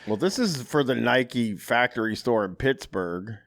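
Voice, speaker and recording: Deadpan man reading reviews aloud. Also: medium pitch, measured pace, creaky. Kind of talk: casual podcast chat, reading reviews aloud.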